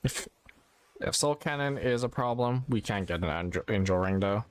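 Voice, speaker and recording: A man's voice: on the low side, animated, moderate pace. Rambling man chatting over game music. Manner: rambling, self-correcting. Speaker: streamer. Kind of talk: casual gameplay chat.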